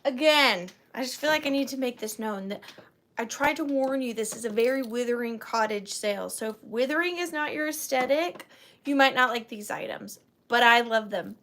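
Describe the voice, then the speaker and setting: A woman's voice: a little high, normal speed, a bit bright, a little hiss or hum. A woman hosting a live online antiques sale from her home office, chatting with viewers by name and counting down bids. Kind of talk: live-stream auction chat.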